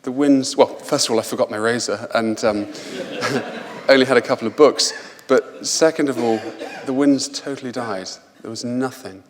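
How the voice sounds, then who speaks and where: A man's voice: medium pitch, normal speed, a crowd in the background. A man tells travel stories to a lecture audience in a mid-range voice, eager and anecdotal, often doubling back on his words. His voice rings out with a long reverb from the large lecture hall. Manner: lively anecdotal storytelling, self-repeating. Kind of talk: public lecture with slides.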